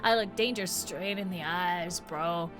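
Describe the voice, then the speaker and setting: A woman's voice: on the low side, unhurried, close to an everyday voice. A woman voicing a crude, boastful male gambler who swaggers and calls everyone bro. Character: brash loudmouth male gambler, boastful swindler. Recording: game music behind.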